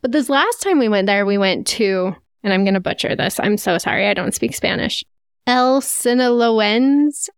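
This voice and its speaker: A woman co-hosting a casual podcast, talking in a loose, chatty way and laughing easily. Her voice is middle-pitched and sits close and dry on the mic, with no room around it. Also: animated, a little fast, few pauses, no echo. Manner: chatty, laughs often, playful asides. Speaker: podcast co-host. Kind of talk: casual chat.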